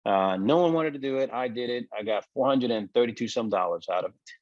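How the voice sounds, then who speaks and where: A man telling his personal story in an interview, with emotional, halting delivery and many fillers. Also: medium pitch, a little mellow, no room sound, lo-fi sound. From United States. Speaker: interview guest, business owner.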